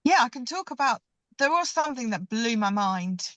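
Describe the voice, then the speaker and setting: A woman on a book club video call from a parked car, chatty and expressive. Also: fairly high pitch, normal speed, no echo. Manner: chatty and expressive, animated when telling anecdotes. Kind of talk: casual group video call discussion.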